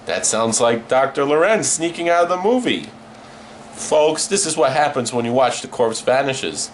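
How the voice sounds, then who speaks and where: A man's voice: medium pitch, big pitch swings, moderate pace, slight background noise. A man hosting a late-night horror movie show, delivering hammy comic patter sprinkled with Yiddish words.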